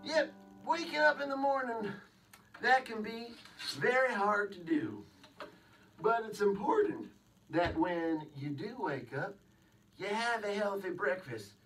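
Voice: mid-range voice, a bit bright. A children's show host telling a storybook tale to kids, playful and exclaiming, talking straight to the boys and girls. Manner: playful, exclaiming, sings, addresses kids directly. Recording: distant mic with clear music.

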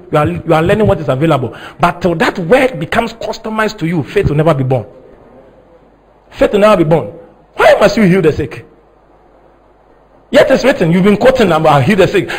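A man with a husky voice preaching a sermon, dramatic, moving from slow, soft teaching to high, shouted emphasis. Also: rough recording. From Ghana. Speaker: prophet preaching.

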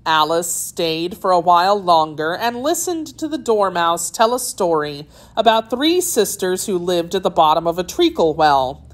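Lively woman reading a storybook. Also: on the low side. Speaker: narrator. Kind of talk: storybook read-aloud.

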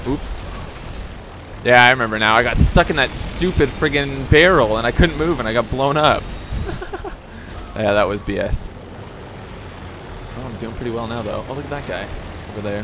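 A young man giving excitable, profane commentary as he plays a video game, often laughing. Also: on the low side, background noise. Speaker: let's play gamer. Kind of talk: casual gameplay commentary.

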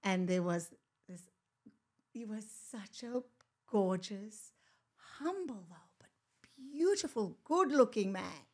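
A woman guest on a podcast tells her own story in casual conversation, animated and rambling with many fillers and restarts. She laughs often and drops to a whisper for asides and remembered thoughts, speaking slowly in a mid-range voice.

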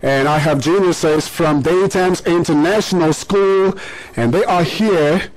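A middle-aged man hosting a radio show, quick to praise his young guests and ask them to repeat things. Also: fairly high pitch, poor audio. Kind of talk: radio interview with schoolchildren.

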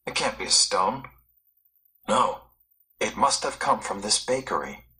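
A man's voice: fairly low pitch, expressive, unhurried, sharp tone, rough recording. A man reading as a curious ruin excavator. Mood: musing. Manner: wondering, thinking aloud. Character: curious male excavator musing over ancient ruins. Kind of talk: storybook read-aloud.

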